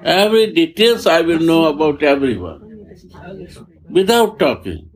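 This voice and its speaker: A man giving a spiritual discourse in halting, repetitive English, often restarting his phrases. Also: on the high side, very animated, poor audio. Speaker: spiritual teacher.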